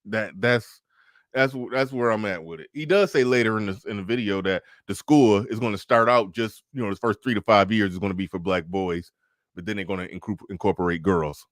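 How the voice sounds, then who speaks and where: A man's voice: fairly low pitch, brisk, no room sound, clean studio sound. A man hosting a casual livestream, commenting emphatically, repeating phrases and stumbling on restarts as he reads out super chats.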